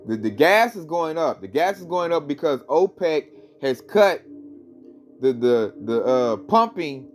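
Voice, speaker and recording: A man hosting a religious commentary vlog, talking in a preachy, repetitive, slangy way. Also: a little high. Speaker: channel host.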